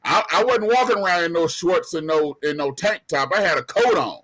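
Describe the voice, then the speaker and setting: A man's voice: on the high side, lively intonation, fairly quick, sharp tone. A man arguing football on a sports talk panel, emphatic and colloquial, often repeating himself. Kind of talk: heated sports debate.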